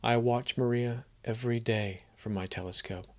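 A man reads a short story aloud, his voice sitting at an ordinary middle pitch. He throws himself into the dialogue with strong emotion. The sound is dry and close, with no room around it. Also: fairly even intonation, normal speed, no room sound. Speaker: narrator. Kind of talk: scripted story narration.

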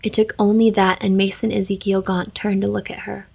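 A woman narrates a fantasy story in an even, measured read. Her voice is husky and gravelly, and her tone stays flat, with little rise or fall. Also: mid-range voice, low-quality recording. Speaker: story reader.

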